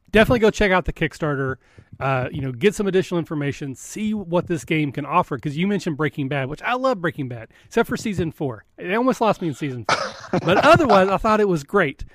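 A man's voice: on the high side, dry recording. A man hosting a podcast interview, chatting casually with hesitant fillers. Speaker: podcast host.

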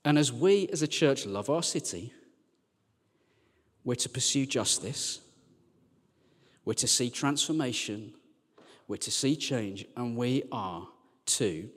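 A man preaching a sermon as a church team leader, chatty and joking, then turning quiet and earnest. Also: medium pitch, expressive, slow pace, long pauses, big-room sound. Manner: conversational and joking, dropping to quiet earnest lines.

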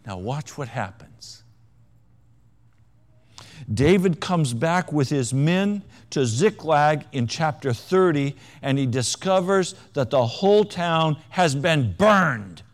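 Animated preacher man, hushed to loud. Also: fairly high pitch, slow pace. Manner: dramatic swings between hushed and loud; wry, self-mocking humor. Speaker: pastor. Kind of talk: sermon.

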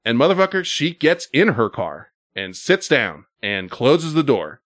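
A man's voice: medium pitch, very animated, unhurried, a bit bright, no room sound, clean studio sound. A man telling a story casually, with lots of fillers and swearing.

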